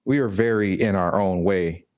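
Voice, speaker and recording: A young Southern US man co-hosts a casual podcast in a low, smooth, slightly mellow voice at a moderate pace, recorded dry. He tells rambling stories, laughs often, and acts out the quotes he repeats.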